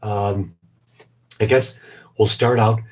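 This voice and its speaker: Low flat-voiced man, short of breath. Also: takes it slowly. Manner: rambling, many fillers. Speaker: host of a live stream. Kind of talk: casual live-stream chat. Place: home basement shop.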